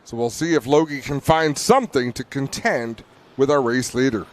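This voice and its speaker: A man's voice: medium pitch, moderate pace, a little hiss or hum. A man calling a race live at an outdoor speedway, explaining the cars in easygoing, joking banter with his co-host. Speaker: race commentator.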